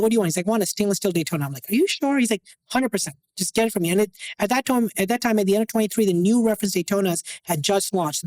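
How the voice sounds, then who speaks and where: A man's voice: sits high, poor audio. A man who deals watches, chatting as a guest on an interview show and acting out the dialogue in his stories. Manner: animated, acts out quoted dialogue. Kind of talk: casual interview storytelling.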